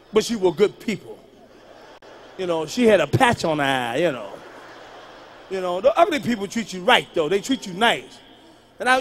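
A man performing live stand-up storytelling, profane and punchy, swinging from muttered asides to sudden yells. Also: sits high, slight background noise. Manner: loud, profane, punchy delivery that jumps between muttering and yelling. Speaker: stand-up comedian.

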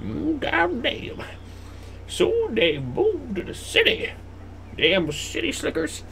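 A man voicing an old grandmother reading her own folksy notes aloud in a put-on high voice. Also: wildly swooping pitch, takes it slowly, vocal fry, bright, forceful tone, slight background noise, full character voice.

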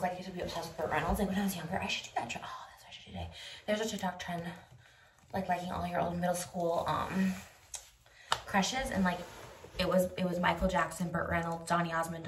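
A woman chatting casually to camera in a vlog, giggly and a little out of breath, often dropping to a whisper. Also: fairly low pitch. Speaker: vlogger. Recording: echoey room, distant mic, noisy.

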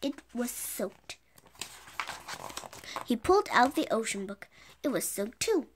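Slow, high-voiced woman reading a storybook. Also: very animated, husky. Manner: slow, careful reading with slips and restarts. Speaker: storybook reader. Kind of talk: reading a children's chapter book aloud.

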